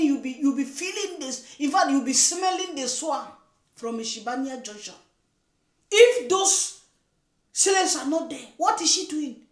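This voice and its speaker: A woman giving indignant, scolding commentary on a video as a YouTuber. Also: high-pitched. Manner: scolding, indignant, emphatic repetition. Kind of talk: casual reaction commentary. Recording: echoey room.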